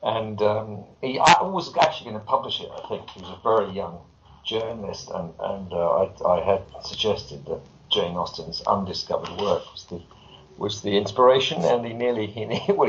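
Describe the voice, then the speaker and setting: A British filmmaker answers interview questions, spinning dry anecdotes with a wry turn. His voice is fairly low for a man. The audio is dull, with a faint hiss underneath. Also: moderate pace. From Britain. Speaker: filmmaker guest.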